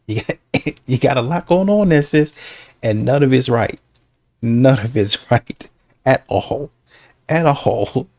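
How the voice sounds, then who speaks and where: A man's voice: mid-range voice, lively intonation, slow, long pauses, a little mellow. Laughing, teasing male commentator. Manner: laughs through his lines, teasing. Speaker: reaction video host. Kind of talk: mocking commentary on clips.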